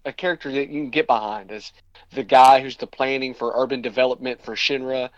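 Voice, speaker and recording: A man's voice: medium pitch, fairly even intonation, fairly quick, no room sound, muffled recording. A man co-hosting a casual chat, complaining emphatically and repeating his points. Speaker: podcast co-host.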